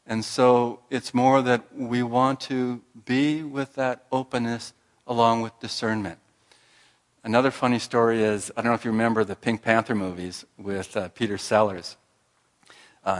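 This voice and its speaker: A man delivering a spiritual sermon in a measured, reflective way. His voice sits on the low side. He pauses often and restarts his phrases as he thinks aloud. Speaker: speaker giving a sermon.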